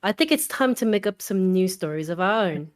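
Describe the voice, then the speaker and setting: A woman's voice: mid-range voice, lively intonation, brisk, lightly acted. A woman voicing a tipsy, mischievous female huntress with a playful, teasing manner. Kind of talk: voice acting a game script.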